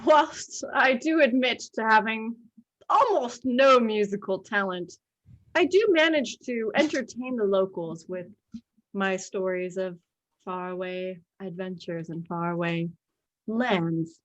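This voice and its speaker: A woman voicing a boastful male carnival master during tabletop role-play, with smooth, genteel speech. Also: medium pitch, slow, a bit bright, rough recording. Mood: smug, genteel.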